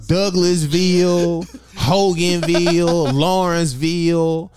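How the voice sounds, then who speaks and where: A man's voice: high-pitched, slow, a crowd in the background. Profane man hosting a podcast. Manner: profane, laughing, animated storytelling. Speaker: podcast host. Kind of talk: casual chat.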